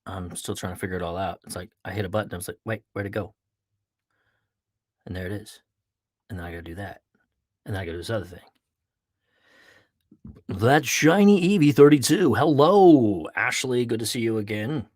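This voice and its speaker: A man's voice: on the low side, animated, brisk, long pauses, a little mellow, dry recording, clean studio sound. A man hosting a casual livestream podcast, playful and jokey, greeting viewers by name as he chats. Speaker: podcast host.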